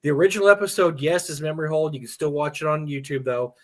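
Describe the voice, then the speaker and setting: A man in casual livestream chat, rambling through animated anecdotes and acting out the quotes. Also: a little high, quick pace.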